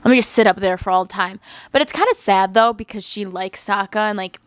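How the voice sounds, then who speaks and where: A woman's voice: medium pitch, a little fast, clear, resonant tone, no room sound. A young woman hosting her channel, ranting animatedly about a cartoon show with exasperated jokes. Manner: animated, exasperated, joking rants. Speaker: channel host. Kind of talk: casual fan commentary.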